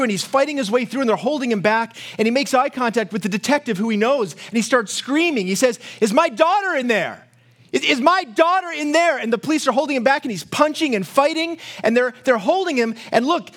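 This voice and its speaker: A male pastor with a very high-pitched, somewhat bright voice delivers a sermon full of storytelling. His passion grows as he goes, and when he gets worked up he tends to repeat words.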